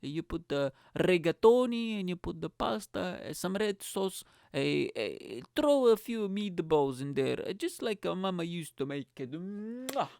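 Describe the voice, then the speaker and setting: A man's voice: sits high, sing-song, a little slow, creaky, hardly any pauses, a little mellow, dry recording, clean studio sound, voice pushed up, exaggerated voice. A man putting on a hammy, food-loving Italian cook voice, exaggerated and lip-smacking. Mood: gushing.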